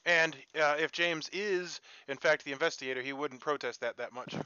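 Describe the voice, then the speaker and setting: A man's voice: fairly high pitch, moderate pace, sharp tone, clear, resonant tone, no room sound. A man playing a social deduction game, blunt and dismissive in casual discussion. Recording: dull lo-fi mic.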